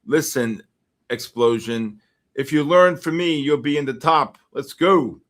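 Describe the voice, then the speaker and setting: A man from the Bronx, hosting a live futures trading stream and reacting excitably to the market while greeting viewers. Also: medium pitch, a little slow. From the Bronx, New York. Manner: excitable, greets chat names in bursts. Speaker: host and futures trader.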